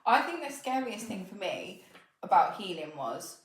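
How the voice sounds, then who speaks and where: A woman's voice: mid-range voice, very animated, moderate pace, very echoey, rough recording. A woman co-hosting a podcast, frank and encouraging toward her co-host. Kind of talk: supportive conversational podcast chat.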